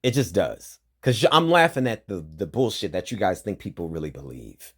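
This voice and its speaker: A man's voice: sits low, moderate pace, slightly rough. Heated man ranting over a news story. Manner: heated, profane, switches between flat reading and loud outbursts. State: agitated. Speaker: commentator reading and reacting to news. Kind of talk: angry commentary over a read-out news story.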